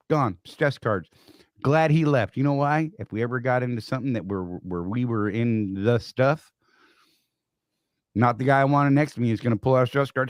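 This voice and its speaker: A man's voice: mid-range voice, no room sound, studio quality. A man co-hosting a casual live-stream chat, rambling through stories with frequent restarts. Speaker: co-host.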